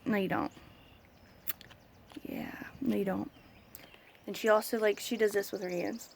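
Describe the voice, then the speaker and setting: A young woman ranting in a casual vlog, emphatic and fed up, with a gravelly fry creeping into her mid-pitched voice. Faint outdoor ambience and a few birds sit behind her. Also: steady tone, unhurried, slight background noise. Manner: exasperated, emphatic, mimics other people. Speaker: vlogger, autism parent.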